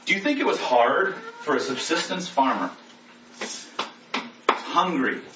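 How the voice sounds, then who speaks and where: A pastor delivers a conversational sermon, putting rhetorical questions to the congregation. His voice is a little high, sing-song and slightly slow. The lo-fi recording is noisy, with a distant mic and roomy echo.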